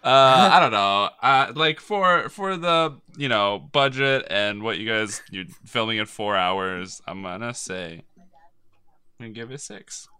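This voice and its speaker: A man's voice: on the low side, a little slow, pushed and bright, smooth, dry recording. A young man co-hosting a podcast, joking crudely and hesitating with fillers in casual chat. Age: young adult. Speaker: podcast co-host.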